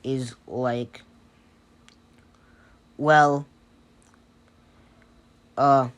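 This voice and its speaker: Man telling a story off the cuff, slow pace, hesitant, lots of fillers, casual. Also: mid-range voice, steady tone, fairly bright tone, clean tone. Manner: hesitant, many fillers and restarts. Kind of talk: improvised fan-fiction storytelling.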